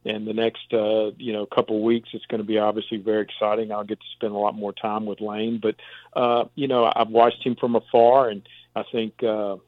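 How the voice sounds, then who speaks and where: A man, a sports information director, talking on a radio show by phone in a halting way full of fillers. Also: on the low side, level tone, dry recording. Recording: tinny phone line.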